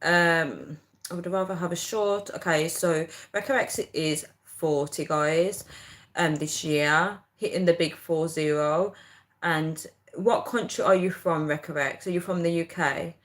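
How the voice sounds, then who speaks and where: A young woman chatting casually to viewers, ranting in an animated way and laughing often. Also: on the low side, unhurried. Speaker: vlogger.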